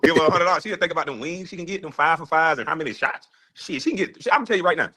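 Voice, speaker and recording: A man's voice: fairly high pitch, expressive, rapid-fire, bright, forceful tone, husky. A man talking brashly and boastfully in a livestream chat.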